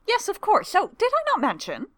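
A woman's voice: very high-pitched, wildly swooping pitch, brisk, no echo, voice pushed up, exaggerated voice. A woman voicing an unabashed, chattering young woman in a storybook reading. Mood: chatty.

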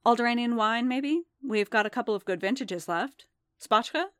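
A woman's voice: fairly high pitch, normal speed, fairly bright tone, dry recording, studio quality, voice pushed up, close to an everyday voice. A woman reading aloud voices a flirtatious female alien bartender who teases her customer with playful offers. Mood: flirty, friendly.

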